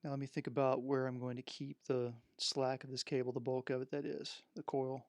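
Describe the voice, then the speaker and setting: A man's voice: medium pitch, level tone, brisk, a little mellow, no echo, clean studio sound. Rambling man thinking aloud over gear. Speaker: streamer unboxing music gear. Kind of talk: unscripted live stream chat. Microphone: headset microphone.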